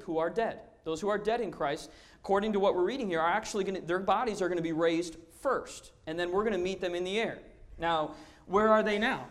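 A lay preacher giving a verse-by-verse sermon, earnest and emphatic, often restarting with repeated "and, and" and reading scripture aloud in old-fashioned wording. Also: medium pitch. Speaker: lay preacher in a church service. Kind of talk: sermon, verse-by-verse Bible teaching.

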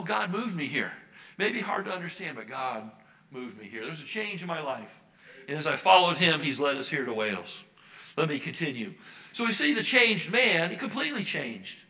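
A man's voice: fairly high pitch, pushed and bright, low-quality recording. An older American man, a Baptist minister, preaching a sermon earnestly and repeating his key phrases for emphasis. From United States.

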